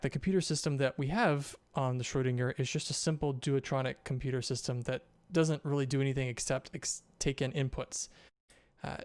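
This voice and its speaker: A man's voice: medium pitch, clear, resonant tone, no room sound, natural voice. A man voicing a flustered, scattered woman scientist who rambles through technical explanations.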